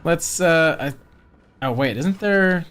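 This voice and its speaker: Animated streamer with a lively pitch. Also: slow, smooth, faint music behind. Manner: animated, laughs often, swears casually. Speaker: video game streamer. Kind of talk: casual gameplay commentary.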